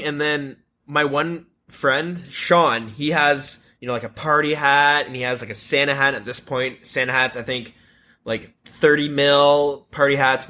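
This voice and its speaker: A man's voice: mid-range voice, bright, forceful tone. A young adult man co-hosting a podcast, telling a rambling story in casual chat, swearing freely and laughing at his own tales. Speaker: podcast co-host.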